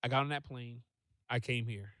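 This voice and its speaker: A man, a guest on a talk show, telling a personal story in a lively way and acting out what people said. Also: mid-range voice, normal speed, no room sound. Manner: animated, acts out quoted voices. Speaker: podcast guest.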